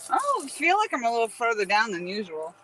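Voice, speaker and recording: A woman's voice: on the high side, huge pitch swings, brisk, a bit bright, slight background noise. A woman hosting a fishing livestream from a riverbank, chatting with viewers by name and laughing easily. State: out of breath. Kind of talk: casual live chat with viewers. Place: outdoors by a river.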